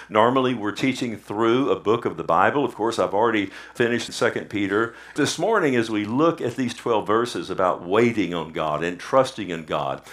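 A man's voice: lowish voice, a bit bright. Preaching man calling out amen. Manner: preaching with frequent "amen?" call-outs. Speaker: pastor. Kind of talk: sermon. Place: church service.

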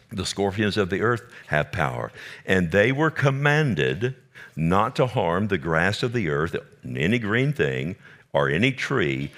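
Male preacher, lower voice, emphatic sermon delivery that talks straight to the room. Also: a bit bright. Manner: emphatic, repeats words for effect, addresses listeners directly.

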